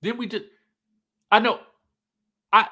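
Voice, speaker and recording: A man's voice: sits high, fairly even intonation, slow pace, sharp tone. A man giving a casual, sassy reality-TV recap, laughing often and quoting the cast. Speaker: show recap commentator.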